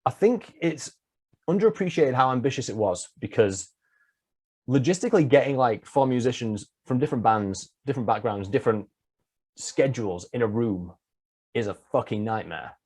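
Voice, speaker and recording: A man hosting a casual interview, asking questions in a relaxed, conversational way. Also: mid-range voice, moderate pace, husky. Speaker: podcast host.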